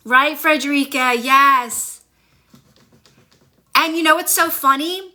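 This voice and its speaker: A woman's voice: sits high, takes it slowly, pushed and bright. A woman coaching viewers on a phone livestream, upbeat and encouraging, talking back to their comments. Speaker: manifestation coach. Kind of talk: casual livestream chat with viewers.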